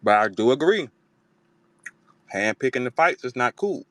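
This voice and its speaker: A man hosting a casual live audio chat, talking in an animated, profane way and acting out quotes. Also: medium pitch, normal speed, dry recording. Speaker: host.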